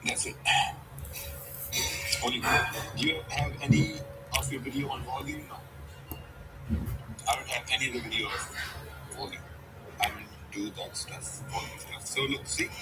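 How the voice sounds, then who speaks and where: A man's voice: medium pitch, moderate pace, long pauses, loud music behind the voice, rough recording. A man hosting a casual live trading stream, answering viewer questions bluntly and offhand. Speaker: livestream trading host. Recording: loud background noise.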